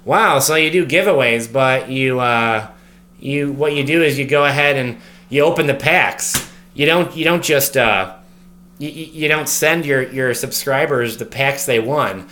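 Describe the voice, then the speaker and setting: A man hosting a casual card review vlog at home, animated, swearing freely and breaking off into joking rants. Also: mid-range voice, a little slow, a little hiss or hum. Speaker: card game video host.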